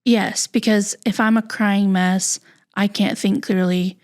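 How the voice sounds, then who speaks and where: Flat-voiced gravelly woman guest. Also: mid-range voice, measured pace. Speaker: podcast guest. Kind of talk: personal storytelling in an interview.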